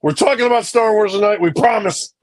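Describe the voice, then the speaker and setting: A man's voice: high voice, brisk, a loud crowd. A man co-hosting a podcast, chatting casually and teasing his co-host in playful banter.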